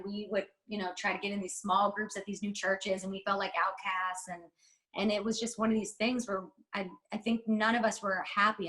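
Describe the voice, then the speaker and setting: In a candid podcast interview, a woman with a bright, forceful tone talks from the heart. She wanders, starts over and stresses words as she goes, her pitch an ordinary middle range for a woman, all on a rough recording.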